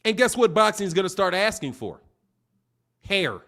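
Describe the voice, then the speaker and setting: A man's voice: sits high, big pitch swings, normal speed, sharp tone. A man hosting a boxing channel livestream, ranting casually in slangy, profane, mocking talk and laughing often.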